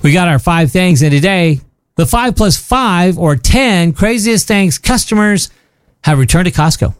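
A man co-hosting a radio talk show, joking and bantering in a playful, animated way. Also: high-pitched, a little slow, clear, resonant tone, dry recording.

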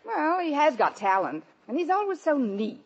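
A woman co-starring in a 1940s radio comedy, teasing and sharp in quick banter. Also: sits high. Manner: teasing, sharp, lively back-and-forth. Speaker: comedy show co-star. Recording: dull old radio broadcast.

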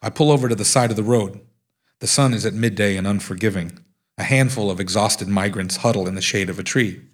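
A man with a husky, slightly breathy voice reads from his own memoir in front of listeners. He slips into lively, animated voices for the quoted speech. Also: fairly low pitch, brisk. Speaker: author reading from his book. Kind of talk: live reading of a nonfiction memoir.

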